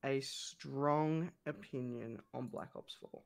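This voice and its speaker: An Australian man chatting as a guest on a casual podcast, excitable and swearing freely. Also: mid-range voice, slow pace, creaky. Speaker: guest streamer.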